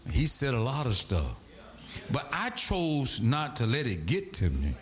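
A man's voice: medium pitch, huge pitch swings, unhurried, a bit bright. A middle-aged man preaching a sermon, telling stories with sing-song swells and asides. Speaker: pastor.

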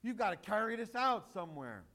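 A man's voice: sits high, very animated, fairly quick, bright, forceful tone. A male pastor preaching a sermon, emphatic and joking with the congregation.

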